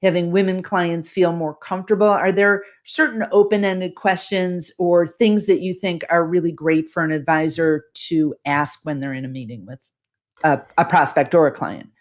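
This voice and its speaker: A woman hosting an interview who asks long, thoughtful questions in a measured way. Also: on the low side, steady tone. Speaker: interview host.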